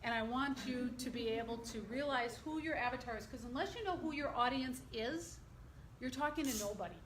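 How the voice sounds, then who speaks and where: A middle-aged woman leads a workshop and keeps throwing questions to the audience. Her voice sits a touch high. The room is echoey, with a faint hum behind her. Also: a little fast. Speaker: presenter. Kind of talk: interactive workshop presentation.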